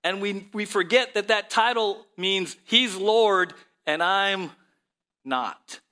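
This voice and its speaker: Speaking slowly in a high-pitched voice, a male pastor preaches with lively storytelling. He keeps posing rhetorical questions to his listeners.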